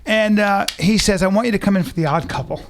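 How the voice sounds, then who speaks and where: A man hosting a casual podcast, telling animated stories and swearing casually. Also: high-pitched, fast, a crowd in the background. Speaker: podcast host.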